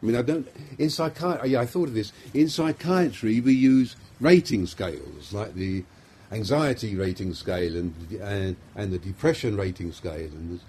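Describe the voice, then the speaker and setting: Rambling London-accented man, mellow voice. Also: fairly low pitch, normal speed, few pauses, a little hiss or hum. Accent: London English. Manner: rambling, self-deprecating, many fillers. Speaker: psychiatrist giving a talk. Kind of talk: informal talk to a group.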